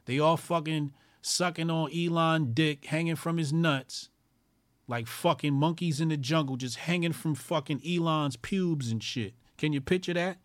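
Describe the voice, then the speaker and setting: A man's voice: on the high side, normal speed, dry recording. A man hosting his own commentary show, ranting crudely with constant swearing, mocking people and repeating lines for emphasis.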